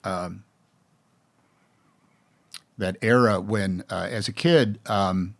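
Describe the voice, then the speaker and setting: A man's voice: sits low, extremely slow, vocal fry. A man in his sixties with an American accent, telling stories in a casual interview, rambling with restarts and mimicking other voices. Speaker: actor, interview guest.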